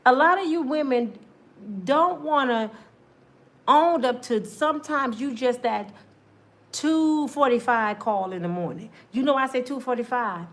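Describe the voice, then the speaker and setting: A woman delivering a comedic monologue, acting out little scenes and swinging between loud bursts and hushed asides. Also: sits high, unhurried. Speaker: comedic talk show host.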